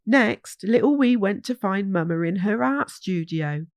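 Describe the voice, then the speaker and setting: A woman reading a children's bedtime story aloud, slow and soothing. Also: medium pitch, animated, no echo.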